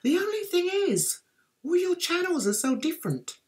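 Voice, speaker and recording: A woman imitating a female psychic who speaks in slow, hushed, soothing reassurances. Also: very high-pitched, very animated, pitched above the performer's own voice.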